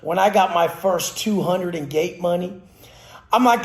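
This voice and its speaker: A male fitness trainer with a high-pitched voice talks a little slowly. He launches into a preachy, aggressive motivational rant, blunt and loaded with swearing, and the space he's recorded in has a roomy echo.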